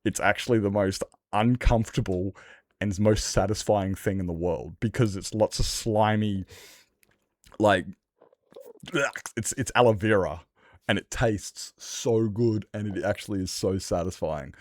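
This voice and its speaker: A man's voice: on the low side, measured pace, no room sound. A man chatting casually and swearing while he streams a game, breaking into laughter as he tells stories. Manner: sweary, storytelling, laughs often. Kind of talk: casual gaming stream chat.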